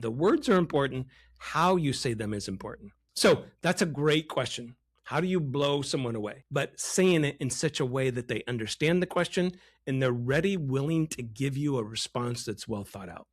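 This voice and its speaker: A man hosting a podcast on his own, giving business advice and shifting his voice higher and lower for emphasis. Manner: animated, varies pitch and loudness for emphasis. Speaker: podcast host, loan officer. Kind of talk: solo podcast advice talk.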